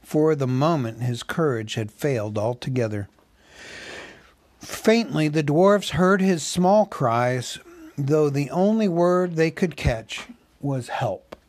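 Slow, measured male storyteller. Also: fairly high pitch, lively intonation, a little mellow, no echo. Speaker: audiobook reader. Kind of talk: reading a novel aloud.

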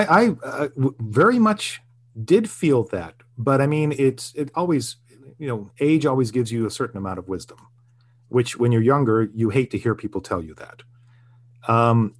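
An older man speaks in a relaxed interview, earnest and reflective. He tells his stories with a steady, middle-range voice. He keeps doubling back and restarting his sentences. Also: mid-range voice. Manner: reflective, earnest storytelling with frequent restarts and chuckles. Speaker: guest, TV writer and producer. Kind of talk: casual interview conversation.

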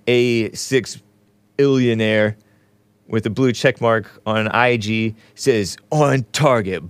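A man's voice: mid-range voice, a bit bright, clear, resonant tone, no room sound. Sarcastic man in his forties. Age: 40s. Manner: wry, sarcastic, chuckling asides. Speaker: host. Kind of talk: casual commentary on news clips.

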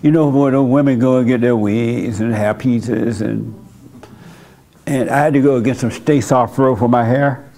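A man's voice: mid-range voice, unhurried, creaky. Man preaching in a loose, storytelling way. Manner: storytelling with laughs, casual and animated. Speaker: pastor and host. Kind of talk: sermon.

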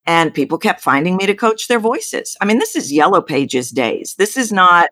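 Woman, Texan accent, voice coach, low voice, dry close sound, emphatic explainer. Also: sing-song, moderate pace, bright, forceful tone, dry recording. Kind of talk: interview storytelling.

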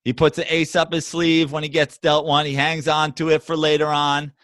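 A man co-hosting a sports podcast, arguing loudly and mockingly, swearing and mimicking others in shouted voices. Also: a little high, little pitch movement, normal speed, no room sound. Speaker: podcast co-host. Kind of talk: heated sports debate.

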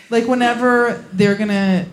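Blunt, crude woman doing stand-up. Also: a little high. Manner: blunt, crude, deadpan punchlines. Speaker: stand-up comedian. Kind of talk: live stand-up set. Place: comedy club stage, laughing audience.

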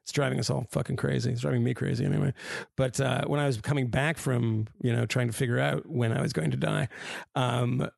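A podcast co-host chats casually on a panel, telling wry, rambling stories and laughing at his own anecdotes. His medium-pitched voice is gravelly and a little mellow, fairly quick with fairly even intonation, in clean studio sound without echo.

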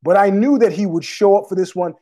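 A man with a fairly high voice hosts his own podcast and rambles through stories, swearing freely and piling on fillers. He is fighting a cough as he talks. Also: fairly quick, dark tone. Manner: profane, digressive storytelling with many fillers. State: has a cough. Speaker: podcast host. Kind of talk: casual rambling monologue.

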